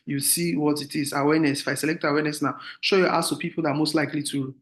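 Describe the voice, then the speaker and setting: A man with a fairly high voice gives an online lesson over a video call. He walks through each point patiently, sharing his screen as he goes. He often pauses to ask the class if they understand. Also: flat delivery. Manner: explanatory, often checks with "do you understand?". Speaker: marketing instructor.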